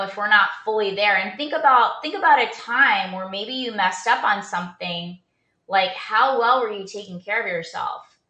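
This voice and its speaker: A woman's voice: medium pitch, pushed and bright, reverberant. A woman performance coach giving an earnest motivational talk, telling a personal story with many restarts and fillers.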